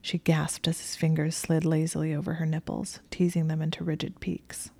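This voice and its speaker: A woman narrating a story softly, often dropping to a whisper. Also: deep voice, completely flat delivery, moderate pace, creaky, hardly any pauses, breathy edge, dry recording.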